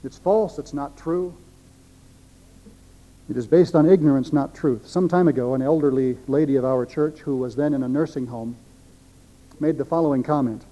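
A man's voice: medium pitch, normal speed, long pauses, warm tone, muffled recording. A male pastor preaching a sermon, emphatic, repeating phrases for stress.

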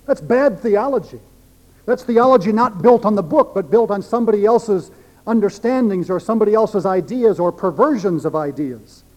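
Emphatic preacher, a man with a high, mellow voice. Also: animated, moderate pace. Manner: emphatic, repeats phrases for stress. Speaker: pastor. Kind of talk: sermon.

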